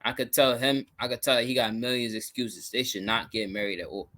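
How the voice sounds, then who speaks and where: A man's voice: mid-range voice, a little fast. A man hosting a reaction video, giving blunt, profane running commentary on a show. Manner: blunt, profane, animated rants.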